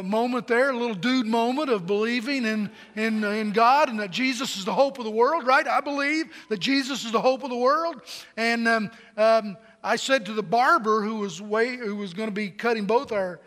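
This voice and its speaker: A man's voice: very high-pitched, a bit bright, long reverb tail. A man preaching a sermon to a large congregation, joking and telling stories, with many repeated words. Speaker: pastor. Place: large church hall.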